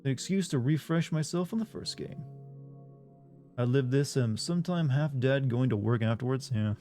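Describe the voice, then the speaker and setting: A man's voice: mid-range voice, moderate pace, mellow, soft background music. A man from the US South, with no regional accent, streaming a game and chatting casually, reading viewer messages aloud and answering them in a rambling way. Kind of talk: casual live-stream chat.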